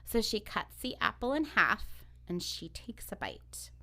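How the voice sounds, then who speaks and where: Bright-voiced woman telling a fairy tale. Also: medium pitch, in a whisper. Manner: animated, quick to agree and laugh. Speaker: podcast co-host retelling a fairy tale. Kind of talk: casual storytelling chat.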